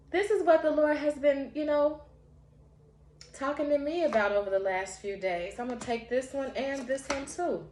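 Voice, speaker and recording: A woman's voice: sits high, normal speed, a little mellow, roomy sound. A woman giving a casual spiritual tarot reading, heartfelt and encouraging, often breaking into laughter. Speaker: tarot reader.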